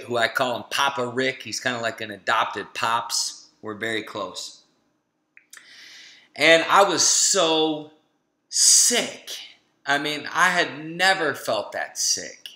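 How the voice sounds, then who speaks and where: A thirties-aged webinar speaker gives a motivational talk built around a personal story, acting out the voices he quotes. His voice is fairly high, bright, and forceful, and the room is echoey.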